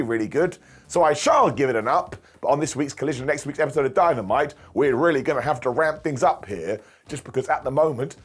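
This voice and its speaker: A man giving a casual recap of a wrestling show, chatty and wry, slipping into quick impressions of the wrestlers. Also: medium pitch, breathy edge.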